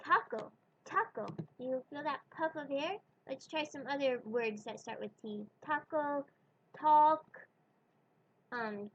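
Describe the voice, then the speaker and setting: In a video lesson on pronunciation, this woman, a Spanish teacher, patiently works through sounds one by one. She has a high voice, and the audio is dull.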